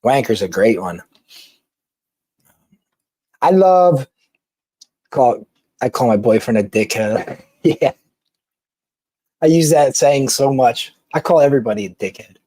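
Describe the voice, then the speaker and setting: A man talks loosely to his live-stream viewers, tripping over his words and starting sentences over. His voice sits at an ordinary middle pitch. The sound is dry and close, with no room echo. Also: lively intonation, warm tone, breathy edge. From Philadelphia. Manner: rambling, halting, with many restarts and laughs. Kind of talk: casual live-stream chat reading comments.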